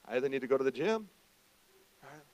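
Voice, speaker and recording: A middle-aged male pastor giving a conversational sermon, moving between quiet asides and loud emphatic stretches. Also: mid-range voice, very animated, quick pace, lo-fi sound.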